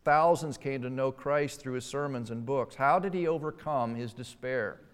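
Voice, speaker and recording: A man preaching a sermon, swinging between emphatic rises and hushed, slow passages. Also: mid-range voice, clear, resonant tone. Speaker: pastor. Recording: long hall reverb.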